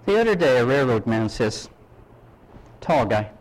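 A middle-aged Canadian man with a medium-pitched voice delivers a sermon at a slightly slow pace, captured in low-quality audio. He tells stories animatedly, acting out the dialogue and putting questions to his listeners.

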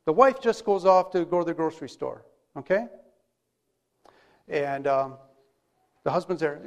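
A man's voice: on the high side, a little slow, pauses often. A man preaching a sermon in a conversational way, telling everyday stories and asking rhetorical questions.

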